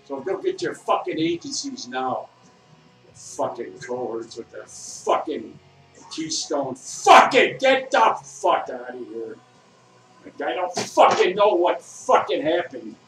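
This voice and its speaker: A man in a bar, ranting in a rambling, profane way and breaking into shouts at times. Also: on the high side, wildly swooping pitch, slow pace, gravelly. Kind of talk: rambling casual rant. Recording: echoey room, distant mic, faint music.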